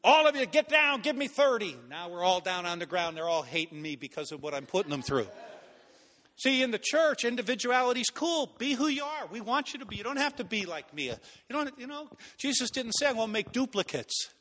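A man preaching a sermon, telling stories in an animated way and acting out voices. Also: high-pitched, fairly quick, big-room sound. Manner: animated, acts out voices and laughs at own stories. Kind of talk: sermon with storytelling.

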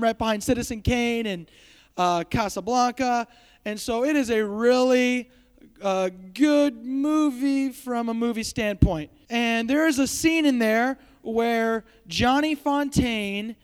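Young guy w a really high smooth voice joking around thru a youth sermon, long hall echo. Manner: joking, chatty, self-deprecating. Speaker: youth speaker. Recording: hall reverb.

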